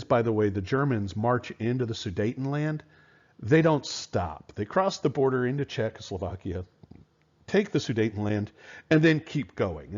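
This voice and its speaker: A man teaching history in a relaxed, conversational lecture, with fillers and rhetorical questions. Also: fairly low pitch. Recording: dull lo-fi recording.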